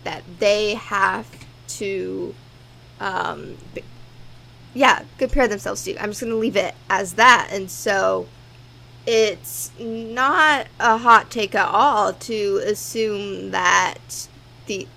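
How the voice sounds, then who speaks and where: A young woman co-hosting a podcast in casual chat, with a groggy morning voice, relaxed and quick to laugh. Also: mid-range voice, gravelly, low-quality recording. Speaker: podcast co-host.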